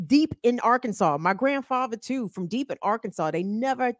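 A woman from the Baltimore area speaks in a high register, with a blunt, animated delivery and plenty of swearing. The recording is close and dry, with no room sound. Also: moderate pace, dry recording. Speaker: guest. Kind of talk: casual conversation.

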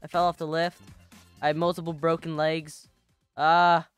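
A gaming YouTuber with a low, clear, resonant voice gives playful, jokey commentary at a moderate pace while she plays. She's excitable, yelping and laughing often over soft background music.

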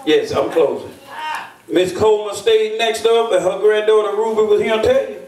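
A high-pitched older man preaches from the pulpit, spinning folksy stories and drawing call-and-response from the pews. His voice rings around an echoey church and comes from some distance away from the mic. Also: level tone, brisk, darkish tone. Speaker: bishop and pastor. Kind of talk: sermon.

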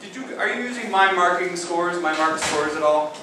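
A man conducts a choir rehearsal, coaching and counting off beats in an upbeat way. His voice sits a little high and comes from well away from the mic. The hall rings with echo, and loud music fills the space. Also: lively intonation, normal speed, recorded from a distance, background noise. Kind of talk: rehearsal instruction.

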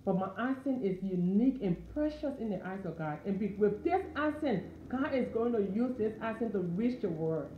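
A woman's voice: mid-range voice, animated, moderate pace, hardly any pauses, reverberant, phone-quality sound, a little hiss or hum. A woman with a Liberian accent giving an informal, fervent sermon from her dining room, repeating her urgings. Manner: fervent, repetitive exhortation. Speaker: Christian encourager.

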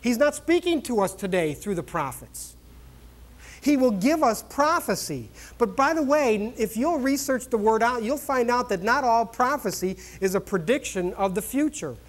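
Animated folksy male pastor preaching. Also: very high voice, normal speed. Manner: animated storytelling with exclamations; conversational, folksy and humorous. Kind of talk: sermon.

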